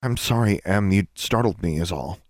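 Guy doing a young witch girl, prickly and quick to snap, a bit higher than his own voice. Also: no echo, studio quality, natural voice. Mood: flustered. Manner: sharp-tongued and defensive.

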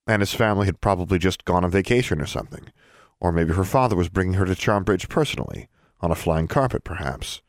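Low-voiced guy reading a fantasy audiobook, steady and even, dry close sound. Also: quick pace, no echo. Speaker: narrator. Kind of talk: audiobook narration.

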